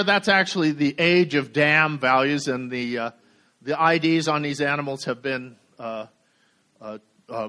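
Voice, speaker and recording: A middle-aged man giving a technical conference talk, halting with many fillers and some dry humor. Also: fairly high pitch, sharp tone. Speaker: conference speaker. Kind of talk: technical presentation.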